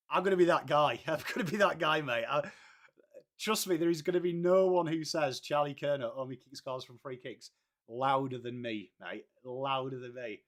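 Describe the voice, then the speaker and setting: Hosting a relaxed live stream, an Englishman in his late thirties greets his viewers by name and refers to everyone as mate. He speaks at a medium pitch with a fairly bright tone.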